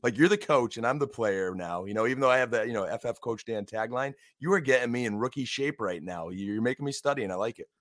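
A man's voice: medium pitch, fast, hardly any pauses, a bit bright, no room sound, studio quality. A man in his forties co-hosting a podcast, friendly and joking in loose casual chat. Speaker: podcast co-host.

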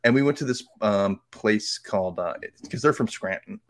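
A podcast guest from Mississippi, this man has a lowish voice, a light Southern accent, and theater-trained diction. At a moderate pace he rambles casually through stories, filling them with fillers.

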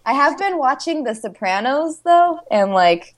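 A woman co-hosting a podcast in casual chat, bubbly and quick to laugh. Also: sits high, very animated. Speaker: podcast co-host.

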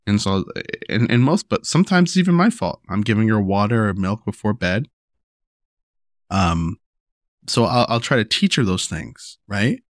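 A young father talks loosely about raising his daughter, circling back and repeating himself as he goes. His voice sits low, with a dry, close sound and no room around it. When he acts out what he says to her, his voice climbs higher. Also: expressive, moderate pace, dry recording. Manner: rambling, repeats words and restarts, many "you know" and "right?"; rises in pitch when acting out talking to his daughter. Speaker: father sharing parenting advice. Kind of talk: casual monologue to camera.

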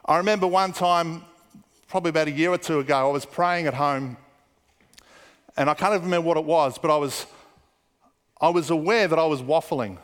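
A man preaching a sermon as a pastor, telling stories and dropping into hushed, muttered asides when he quotes people. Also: a little high, fairly quick, pauses often, big-room sound.

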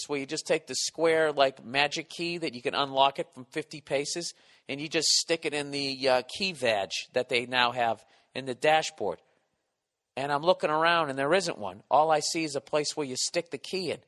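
Male podcast host, profane and animated, a bit high-pitched, recorded with a lingering reverb tail. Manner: animated, swearing, mock-ranting. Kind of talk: profane comic storytelling.

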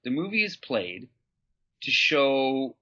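Halting, rambling male co-host, bright. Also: mid-range voice. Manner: rambling, halting, deadpan jokes. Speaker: podcast co-host. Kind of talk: casual comedic chat. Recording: dull lo-fi audio.

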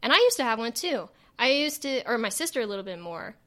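A woman's voice: fairly high pitch, big pitch swings, fast, bright, forceful tone. A woman with a Valley girl accent co-hosting a podcast, chatting in a scatterbrained way and saying "like" and "dude" a lot. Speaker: podcast co-host. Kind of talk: casual chat.

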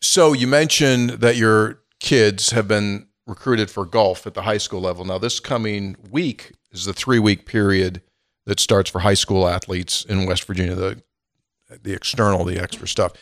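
A man's voice: lowish voice, steady tone, normal speed, no echo. Male co-host, playful, puts on voices, dry close sound. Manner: playful, asks questions, acts out voices. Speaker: podcast co-host. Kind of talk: casual podcast chat.

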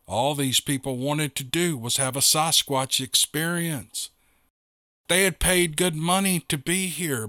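A man narrates a first-person tale in a wry, matter-of-fact way. His voice sits a little high and bright. The recording is dry and close, with no room sound. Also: no echo.

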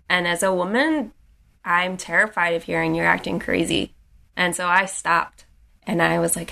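A woman's voice: lowish voice, moderate pace, gravelly, sharp tone. A young adult woman recounting a personal story in a casual way, with frequent "like" and restarts.

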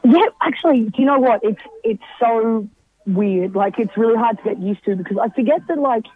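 A woman comedian chatting on a radio show, telling animated anecdotes and laughing often. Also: fairly high pitch, a little fast, husky, dry recording, narrow, tinny audio. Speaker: comedian guest. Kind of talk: casual radio chat, storytelling.

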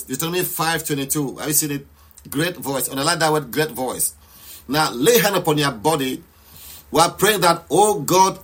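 Leading a fervent live sermon and prayer, a man with a mid-range, fairly bright voice urges listeners to pray passionately and make declarations aloud. He repeats those declarations with mounting intensity.

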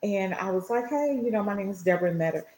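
A woman's voice: mid-range voice, expressive, quick pace, mellow. A woman in her forties in casual chat, telling stories and acting out the quotes. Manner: storytelling, acts out quotes. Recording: echoey room.

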